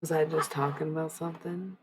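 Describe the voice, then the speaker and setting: On a low-quality recording, a woman with a deep, darkish, slightly rough voice livestreams oracle card readings. She talks briskly and fairly evenly, chatting loosely with viewers, packing in fillers and swearing bluntly.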